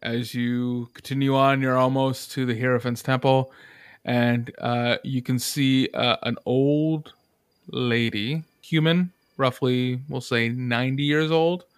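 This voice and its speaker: A man's voice: medium pitch, fairly even intonation, clear, resonant tone, no echo, clean studio sound. Man narrating a tabletop game. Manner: descriptive, unhurried with fillers. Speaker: game master.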